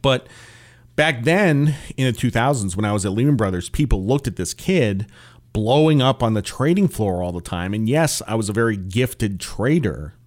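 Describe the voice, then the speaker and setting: A man's voice: on the low side, lively intonation, moderate pace. Candid man talking solo on his podcast. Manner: candid, opinionated, conversational with asides. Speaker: podcast host. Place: home office.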